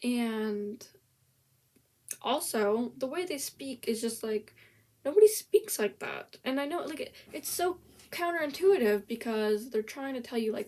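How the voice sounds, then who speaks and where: A woman's voice: high voice, expressive, normal speed, darkish tone. A young woman ranting in casual commentary about a language app, blunt and sarcastic, swearing freely and often restarting her sentences. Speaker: vlogger reviewing a language app.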